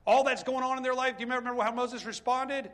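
A male pastor preaching a sermon, speaking high in his range. His tone is bright and forceful, and he keeps firing questions at the congregation. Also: quick pace. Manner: animated, rhetorical questions to the congregation.

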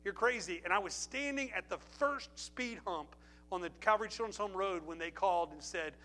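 A middle-aged man delivers a sermon with a high-pitched voice. He tells stories with emphasis and repeats his key phrases. Faint music plays behind him. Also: a little fast, sharp tone. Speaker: pastor. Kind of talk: sermon with altar call.

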